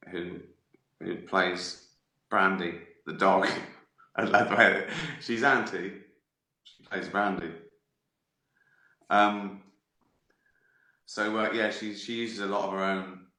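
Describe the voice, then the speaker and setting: A comedian with a low, pushed, bright voice answers viewers in casual livestream chat, the sound roomy. He rambles from joke to joke, swears freely and laughs at his own lines.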